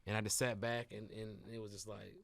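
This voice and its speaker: A man's voice: fairly low pitch, flat delivery, brisk, vocal fry. A man in his thirties from Detroit, a comedian guest in a casual interview chat, talking in a laid-back, rambling way. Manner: laid-back, rambling, bursts into loud laughing shouts.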